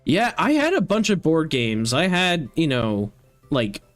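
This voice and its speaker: A man's voice: on the high side, wildly swooping pitch, a little slow, a bit bright, faint music behind. A young man who streams games, chatting casually and rambling with lots of filler words. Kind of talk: casual chat while streaming a game.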